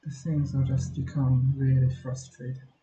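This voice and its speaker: A tired, frustrated man with a Chinese accent mutters to himself in a slow, dark, flat voice. He talks unhurriedly while he works through a casual vlog. The voice sits in an echoey room. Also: mid-range voice, muffled recording. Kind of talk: casual screen-recording vlog.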